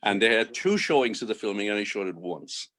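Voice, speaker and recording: An older Irish man, a guest on a casual interview show, telling stories in a lively way, acting out what people said and chuckling often. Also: lowish voice, brisk. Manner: lively anecdotal, acts out quoted dialogue, chuckles often.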